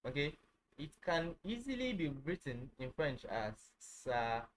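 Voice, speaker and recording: A man giving an informal French lesson, repeating words slowly, checking that viewers follow, and correcting himself as he goes. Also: a little high, big pitch swings, slight background noise, low-quality recording. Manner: restarts and self-corrects often. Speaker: French teacher.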